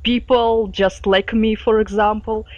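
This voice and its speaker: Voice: mid-range voice, level tone, a little slow, dry recording, muffled recording. An interviewer asking questions in a jokey way, laughing often.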